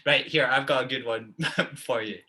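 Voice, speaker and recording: A man hosting a podcast in casual chat, relaxed and halting, often restarting his sentences. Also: mid-range voice, a little hiss or hum. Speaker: podcast host.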